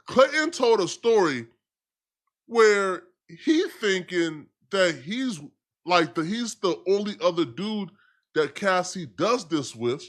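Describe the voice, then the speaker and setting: Animated higher-voiced man giving commentary. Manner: animated and slangy, addressing viewers directly. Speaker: commentary host. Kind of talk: casual reaction commentary.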